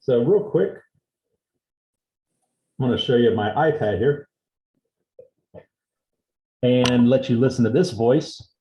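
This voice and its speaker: A man teaching a seminar on assistive technology, explaining a device demonstration step by step in a relaxed way. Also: medium pitch, slow pace, pauses often, muffled recording. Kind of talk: instructional demonstration. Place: indoor seminar room. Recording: roomy echo.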